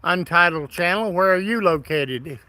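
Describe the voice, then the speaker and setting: A Midwestern American man hosts a casual live stream, reading comments and greeting viewers by name in a folksy, friendly way. His voice sits high, animated and bright, with a forceful tone at a moderate pace. The recording is low quality but has no echo.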